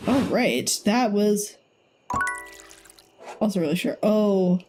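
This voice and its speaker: A woman's voice: mid-range voice, animated, slow. A young woman giving chatty, thinking-aloud commentary while playing a game. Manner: chatty, giggly, thinking aloud with many ums. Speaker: let's-play streamer. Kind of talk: casual gameplay commentary. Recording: game music in the background.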